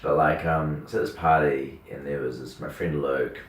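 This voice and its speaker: Speaking at normal speed in a very deep voice, a young radio host rambles through a story in casual conversation. He's animated, says "like" constantly and acts out quoted voices, and the recording sounds roomy, as if from a distant mic.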